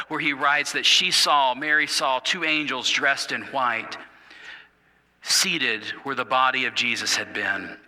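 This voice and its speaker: Pastor, male, bright ringing voice, tells the story with dramatic hushes and stumbles, recorded in a big echoing sanctuary. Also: medium pitch. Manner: stumbles and repeats words. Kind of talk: sermon. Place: church sanctuary. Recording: reverberant church hall.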